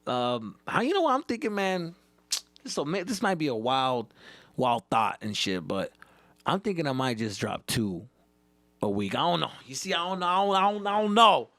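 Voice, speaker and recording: A man's voice: on the high side, normal speed, no echo. A man hosting his own comedy podcast, telling stories in loose, profane chat that mixes in Spanish words. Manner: animated, swears constantly, mixes in Spanish. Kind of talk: casual profane storytelling.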